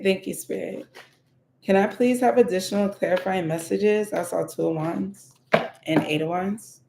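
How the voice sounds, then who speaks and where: A woman's voice: on the low side, creaky, a little mellow, a little hiss or hum. A woman giving a casual tarot reading, thinking aloud with many fillers and repeating her questions to the cards. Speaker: tarot reader.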